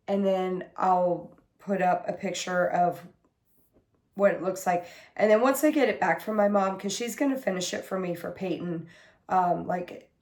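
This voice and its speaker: A hoarse woman getting over an illness, with a smoky, husky voice, chatting casually as host of her cross-stitch video in her craft room. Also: medium pitch, darkish tone, reverberant. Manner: rambling, chatty, full of fillers. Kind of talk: casual chat to camera.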